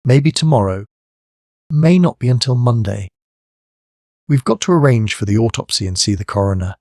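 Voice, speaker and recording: A man voicing a shrewd middle-aged police superintendent who speaks in a measured, quietly firm way. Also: medium pitch, expressive, dry recording, studio quality, natural voice. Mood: steady.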